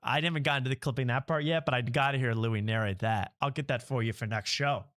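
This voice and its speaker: A man's voice: mid-range voice, fast, fairly bright tone. A man hosting a comedy talk show, chatting casually, mocking and laughing often. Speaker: host.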